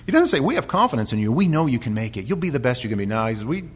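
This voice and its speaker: An American man preaching a conversational Bible sermon, chatty with restarts, sometimes building to loud, impassioned storytelling. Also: mid-range voice, big pitch swings, fast, slightly rough. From United States. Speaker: pastor.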